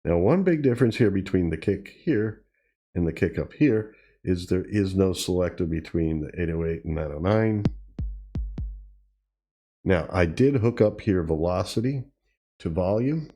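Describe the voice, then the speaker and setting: A man with a deep, very dark and mellow voice hosts a casual tutorial. He thinks aloud as he goes, pausing and correcting himself. Faint drum machine hits play under his talk. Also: lively intonation, husky, soft background music. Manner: thinking aloud, halting, with fillers and self-corrections. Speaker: tutorial host. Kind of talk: casual demo while playing. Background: drum machine sounds he is playing.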